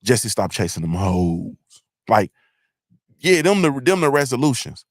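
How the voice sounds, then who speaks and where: Very animated yet a little slow, a man with a mid-range voice hosts a live morning show in studio-quality audio with no room sound. He talks casually and motivationally, bluntly and emphatically, uses profanity, repeats himself, and keeps asking listeners "you feel me?".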